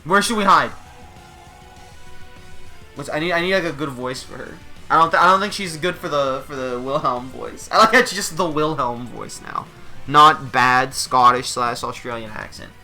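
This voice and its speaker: A man streaming a game playthrough, bantering and joking excitedly. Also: medium pitch, normal speed, faint music behind. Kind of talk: let's-play commentary.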